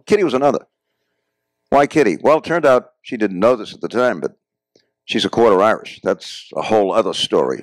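A man's voice: mid-range voice, no echo. An older American man telling personal anecdotes to a class, often addressing the audience as folks. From United States. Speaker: guest speaker. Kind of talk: storytelling lecture. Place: classroom or lecture hall.

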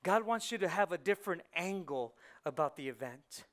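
Animated high-voiced male pastor preaching. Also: normal speed. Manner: animated preaching, acting out inner voices, rhetorical questions. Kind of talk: sermon. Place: church sanctuary.

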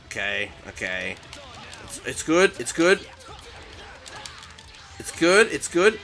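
A young man reacts out loud to every hit of a ranked match, his voice high and very bright. He jumps around in pitch as he panics, groans, and taunts his opponent. Faint game music plays beneath him. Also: sing-song, takes it slowly. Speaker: gaming YouTuber. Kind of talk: live gameplay commentary.

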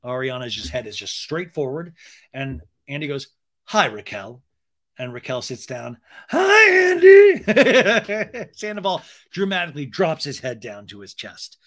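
Speaking at a normal speed in a mid-range voice, a young adult man hosts a comedy podcast recapping reality TV. He's animated, with rambling tangents and quotes performed in funny voices.

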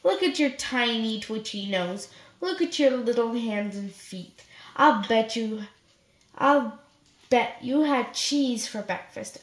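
A woman's voice: on the high side, animated, slow. A woman voicing a teasing storybook animal that mocks a small mouse. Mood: mocking. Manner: scoffing, mocking. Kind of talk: storybook read-aloud. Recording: roomy echo.

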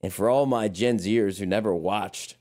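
A young man talking casually to his live-stream chat in a fairly low voice. He rambles, restarts his sentences and swears freely, calling viewers brother as he thanks them. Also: normal speed, a little mellow.

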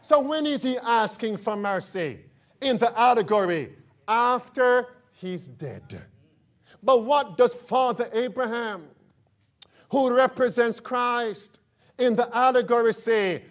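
A man preaching from the pulpit in a high voice, drawing out his words at an unhurried pace. He pauses often to quiz the congregation and then rises to emphatic, shouted declarations. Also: animated. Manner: preaching with call-and-response questions to the congregation. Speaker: pastor. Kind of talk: sermon.

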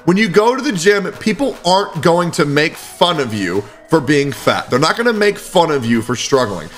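Earnest, blunt man with a lively voice. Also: sits high, a little fast, few pauses, soft background music. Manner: earnest and blunt, swearing often. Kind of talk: candid personal talk.

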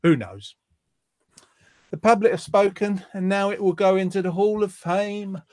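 A man's voice: high-pitched, lively intonation, unhurried, darkish tone, no echo, studio quality. A man hosting a casual online chat show, rambling and joking through his asides. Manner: chatty and jokey, rambling asides. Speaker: host.

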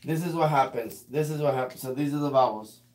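Patient man teaching word by word. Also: medium pitch. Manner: patient, repeats words slowly for the learner. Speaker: Arabic teacher. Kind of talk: casual one-on-one lesson.

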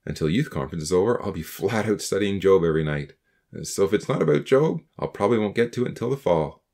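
A man's voice: sits low, animated, fast talker, a little mellow, voice pushed down. A man voicing an earnest, slightly awkward teenage boy in a storybook reading. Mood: friendly. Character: earnest teenage boy, newly baptized, eager to encourage.

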